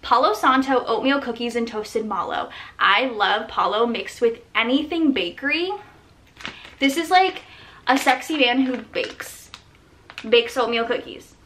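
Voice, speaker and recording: A woman in her thirties shows off products in a casual vlog. Her voice is bright and a little high, and she gushes with enthusiasm, often trailing into soft, breathy murmurs. A faint noise sits behind her. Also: lively intonation, measured pace. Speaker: small business owner showing products.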